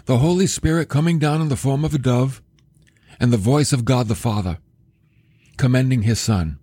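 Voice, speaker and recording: A man teaching a sermon-style Bible lesson for a podcast, animated, often asking the listener questions and acting out quoted voices. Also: medium pitch, breathy edge, dry recording, studio quality. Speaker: podcast preacher.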